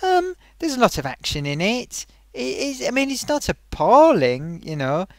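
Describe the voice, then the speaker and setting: A film reviewer rants in a rambling, sarcastic, exasperated way, peppering his talk with ums, other fillers, and amused little laughs. The voice is medium-pitched with big swings, at a moderate pace, and the recording has no echo.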